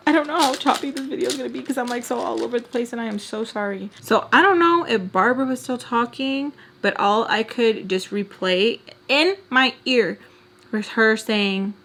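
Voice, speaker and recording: A woman's voice: on the high side, brisk, a bit bright, slight background noise. A young adult woman telling a storytime on camera while doing her makeup, rambling and venting emotionally straight to her viewers. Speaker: storytime vlogger.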